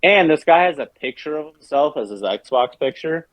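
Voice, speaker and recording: A man's voice: on the high side, expressive, moderate pace, no room sound. A man co-hosting a casual sports podcast, ranting and cursing while gaming on a headset, a little drunk. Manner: profane, heated ranting. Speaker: podcast co-host.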